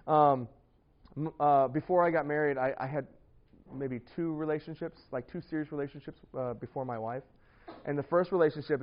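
Animated man telling a sermon story. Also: fairly high pitch, muffled recording. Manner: animated storytelling, lots of fillers and laughter.

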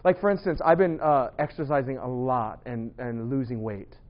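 A man preaching a humorous sermon, telling lively stories with playful asides and bursts of laughter. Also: medium pitch, normal speed, highs cut off.

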